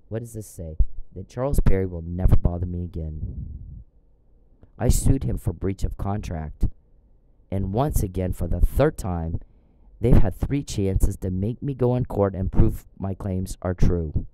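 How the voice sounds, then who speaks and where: A man's voice: deep voice, unhurried, dark tone, a little hiss or hum, low-quality recording. A man talking in a casual, blunt and profane rant, sounding exasperated. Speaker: commentator.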